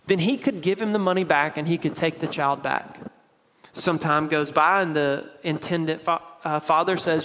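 A man's voice: a little high, a little fast, pushed and bright, long reverb tail, low-quality recording. A man with a Tennessee accent preaching a sermon from the pulpit, explaining scripture step by step in a conversational way. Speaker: pastor. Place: church sanctuary.

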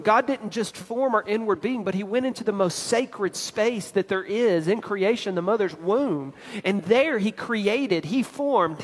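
A man preaching a sermon as pastor, emphatic and building to louder climaxes. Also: sits high, long reverb tail.

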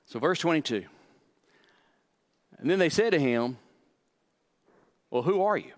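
Middle-aged male pastor, somewhat high pitch, dramatic preaching delivery. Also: expressive, measured pace. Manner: dramatic, acts out quoted lines, repeats words. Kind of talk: sermon.

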